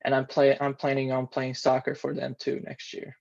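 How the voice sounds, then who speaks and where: A man's voice: medium pitch, monotone, moderate pace, gravelly, a little mellow, highs cut off. A man of about twenty with a Romanian accent, a native Romanian speaker, telling his story in a plain, matter-of-fact way as an interview guest. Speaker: interview guest, former student athlete. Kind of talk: casual interview.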